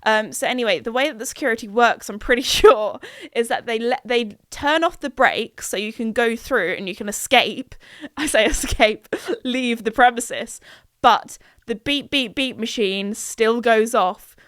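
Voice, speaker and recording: A young woman tells a rambling, self-mocking story on her podcast. Her voice sits fairly high and sounds smooth and clear. The recording is dry and close, with no room sound. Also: measured pace, fairly bright tone, dry recording. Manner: chatty, self-mocking, acts out her own quoted remarks in higher voices. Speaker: podcast host. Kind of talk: casual storytelling monologue.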